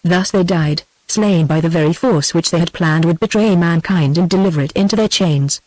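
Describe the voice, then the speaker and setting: A woman's voice: on the low side, normal speed, rough recording. Synthetic British woman narrating a book. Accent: British English. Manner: even, steady reading. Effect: text-to-speech voice. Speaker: audiobook narrator. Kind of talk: scripted narration.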